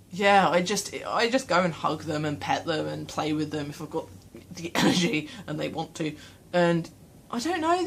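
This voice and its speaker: Husky, low-voiced woman chatting. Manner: chatty, rambling, self-deprecating with laughs. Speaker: vlogger. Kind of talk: casual vlog chat. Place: small room at home, door shut.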